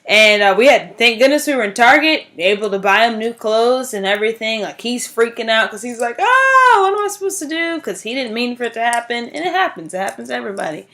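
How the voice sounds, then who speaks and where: A woman's voice: fairly high pitch, fast talker, few pauses, a bit bright. A woman teacher giving an informal informative speech, talking in a chatty way and repeating words for emphasis. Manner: frequent "like" and "um" fillers.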